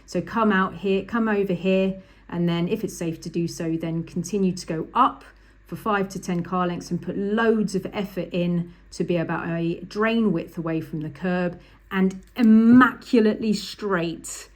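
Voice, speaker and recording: A woman's voice: fairly low pitch, moderate pace. A woman, a driving instructor talking through a lesson over drawings, chatty and emphatic, repeating the key points.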